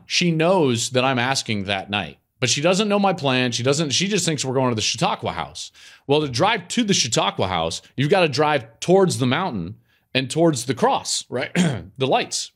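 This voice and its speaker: A middle-aged man hosting a podcast, telling a story in a lively, self-mocking way. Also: fairly high pitch. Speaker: podcast host. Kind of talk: casual storytelling monologue.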